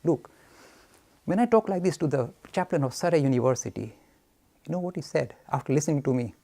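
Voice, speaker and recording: Male religion speaker, lively and gravelly, emphatic in a question-and-answer session. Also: a little high, fairly quick. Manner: emphatic, animated, telling anecdotes. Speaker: speaker on Hinduism. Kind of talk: lecture answering audience questions.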